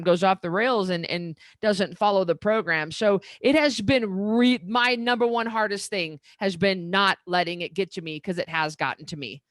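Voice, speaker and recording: A woman's voice: medium pitch, a bit bright, no room sound. A middle-aged woman, a diet coach, talking openly and emotionally as a podcast guest. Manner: emotional, earnest, open. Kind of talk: candid interview talk.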